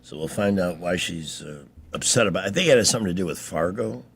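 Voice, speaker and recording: A man's voice: low-pitched, animated, fast, fairly bright tone, slightly rough. A male radio co-host in casual, joking on-air banter.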